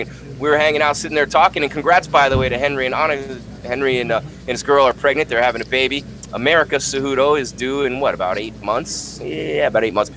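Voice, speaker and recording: A man hosting a combat sports talk show, talking in an animated, opinionated way and telling anecdotes. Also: on the high side, slight background noise. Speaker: host. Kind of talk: casual combat sports commentary.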